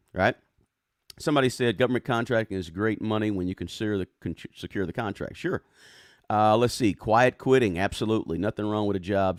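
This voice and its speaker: A man's voice: lowish voice, no room sound, clean studio sound. A man hosting a live personal finance stream, talking casually, reading viewer comments aloud and often tagging on "right?". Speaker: personal finance livestream host.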